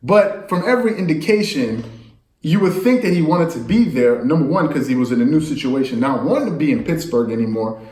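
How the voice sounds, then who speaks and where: A man's voice: on the high side, lively intonation, a little fast, darkish tone, echoey room. A man talking casually about sports news, rambling and incredulous, speaking straight to his viewers. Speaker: sports commentator. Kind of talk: casual sports talk monologue.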